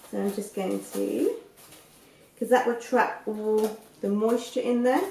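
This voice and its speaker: A woman with a slightly high voice hosts a homemade cooking lesson. She explains each step in a chatty, reassuring manner. Faint music plays behind her. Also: dark tone. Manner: encouraging, chatty, gets out of breath while kneading. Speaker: cooking show host. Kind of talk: home cooking demonstration.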